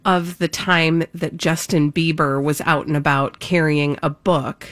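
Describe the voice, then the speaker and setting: A woman's voice: sits low, flat delivery, measured pace, fairly bright tone, no echo. A woman co-hosting a podcast in casual chat, chatty and confident. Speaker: podcast co-host.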